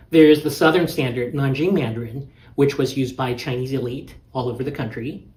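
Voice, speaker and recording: A male language teacher delivers a patient, methodical explanatory lecture, leaning on key words for emphasis. His voice sits at a medium pitch with a slightly mellow quality. The room he's recorded in is echoey.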